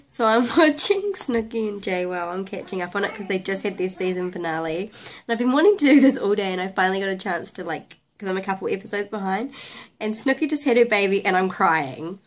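A woman's voice: mid-range voice, a little hiss or hum. A young woman in her twenties, a mother vlogging casually at home and filming with a handheld camera, chatting freely and slipping into sing-song baby talk with her toddler. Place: family home.

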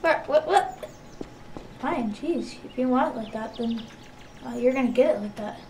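Giggly high-voiced woman gamer, distant mic. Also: moderate pace, darkish tone. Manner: giggly, teasing, playful. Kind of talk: casual gameplay chatter. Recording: distant mic with clear background noise.

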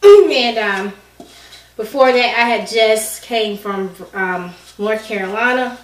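A chatty woman with a fairly high voice talks her viewers through a recipe while out of breath. She sounds a little distant from the mic, and her home kitchen gives the voice a roomy echo. Pans and dishes clink softly behind her. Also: takes it slowly. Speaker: cooking vlogger. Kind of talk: casual cooking demonstration.

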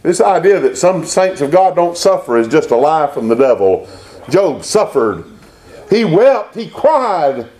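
A pastor preaching a Baptist sermon, rising into emphatic bursts and reading scripture aloud. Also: male voice, on the high side, animated, normal speed, darkish tone.

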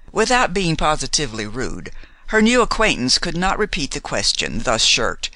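A male narrator reads a period novel in a measured, formal way. His voice is bright, and his pitch rises and falls freely. The recording is close and dry. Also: wildly swooping pitch, no room sound. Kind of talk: audiobook narration.

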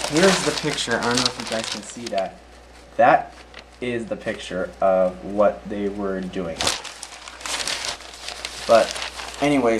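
A man's voice: on the low side, a little hiss or hum, rough recording. A man casually reading odd news stories aloud, often tripping over names, then adding his own offhand comments.

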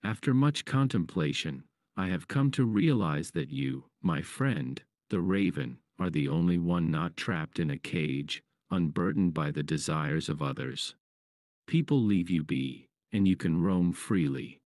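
A majestic peacock in a storybook fable speaks thoughtfully and ruefully about his suffering, as a man puts him on. The voice is very low, with a wide pitch range and a dry, close sound. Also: expressive, a little slow, a little mellow, no echo.

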